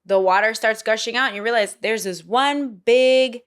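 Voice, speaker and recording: A young woman talking as a podcast guest in casual conversation, animated and often acting out quoted inner voices. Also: a little high, moderate pace. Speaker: podcast guest, singer and actor.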